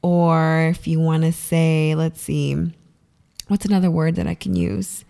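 A young woman from California co-hosting a casual morning radio chat, teasing and quick. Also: sits low, fairly even intonation, creaky, warm tone. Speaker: radio co-host.

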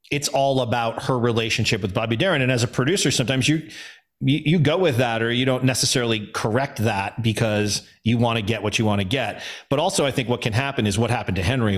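A man's voice: mid-range voice, brisk. A man hosting a casual chat, laughing and exclaiming a lot, then explaining things at length. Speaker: podcast host.

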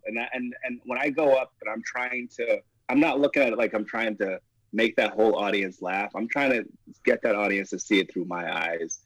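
A man who does stand-up comedy, speaking as a guest with an animated, emphatic storytelling manner and frequent laughter. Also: lowish voice, fairly quick, no echo, poor audio. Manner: laughs often, breaks into laughter mid-story; emphatic, repeats "you know what I mean".

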